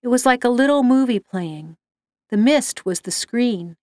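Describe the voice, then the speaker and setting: A woman narrating a story in a steady, measured reading voice. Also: fairly high pitch, no room sound, studio quality.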